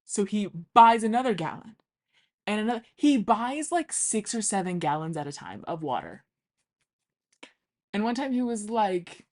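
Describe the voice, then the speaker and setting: Young woman storytime vlog, mid pitch, chatty and sweary, acts out the quotes. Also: big pitch swings, normal speed, pauses often, darkish tone. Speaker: vlogger. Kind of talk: casual storytelling.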